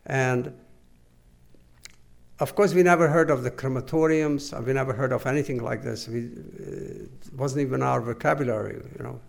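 An older man gives earnest, measured oral history testimony. His voice has a gravelly, creaky texture at a middling pitch. He speaks haltingly, pausing and restarting as he searches for words. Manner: halting, full of pauses and restarts. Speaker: interviewee.

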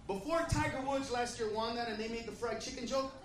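A man from the United States doing a profane stand-up comedy set, shouting rants at the audience. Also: very high voice, a little fast. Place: comedy club stage. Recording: roomy club recording from off-mic with crowd and noise. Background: audience laughter.

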